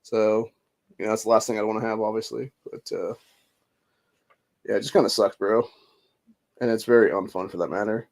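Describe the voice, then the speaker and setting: A man's voice: on the low side, fairly even intonation, normal speed, long pauses, darkish tone. Rambling, profane man in casual commentary. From Ohio. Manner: rambling, profane, fillers like dude and bro. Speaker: podcast host.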